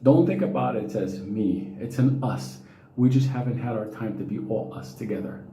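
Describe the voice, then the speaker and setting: A middle-aged man, telling stories to his viewers in a casual, profane, animated way. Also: medium pitch, normal speed, reverberant, low-quality recording. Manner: profane, animated, quotes people in raised voices. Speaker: vlogger.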